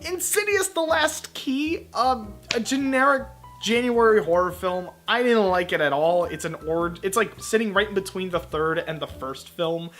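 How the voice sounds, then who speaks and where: A man's voice: sits high, normal speed, fairly bright tone, soft background music. A man giving blunt, sarcastic movie reviews in a ranting countdown style, often exasperated.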